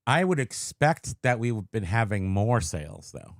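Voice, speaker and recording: A man co-hosting a podcast in casual chat, sleepy and joking in a deadpan way. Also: fairly low pitch, unhurried, dry recording, clean studio sound. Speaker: podcast co-host.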